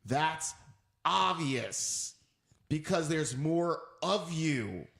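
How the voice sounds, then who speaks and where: A man's voice: on the high side, expressive, very slow, vocal fry, fairly bright tone, reverberant. A man hosting a talk radio show, ranting in an emphatic, preachy way and repeating his points. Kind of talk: opinionated talk radio rant.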